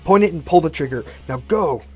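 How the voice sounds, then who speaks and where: A man's voice: fairly high pitch, animated, a little fast, darkish tone, breathy edge, soft background music, pitched above the performer's own voice. Male mercenary under fire, urgent and pleading, read by a man. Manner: urgent, raised voice.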